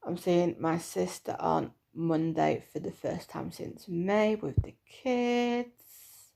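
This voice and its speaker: A woman's voice: fairly low pitch, slow, gravelly, dark tone, slight background noise. A woman in her thirties giving a chatty, hesitant personal vlog update with lots of fillers. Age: 30s. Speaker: vlogger.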